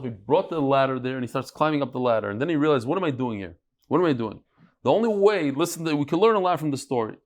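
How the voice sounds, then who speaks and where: A man's voice: mid-range voice, a little mellow. A middle-aged man teaching a Talmud class, telling stories and bantering with his students.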